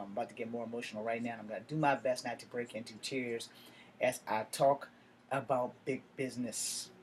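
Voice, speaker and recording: A man's voice: mid-range voice, slight background noise, rough recording. A man giving an emotional, impassioned vlog rant, swearing and building to outbursts. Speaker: video blogger.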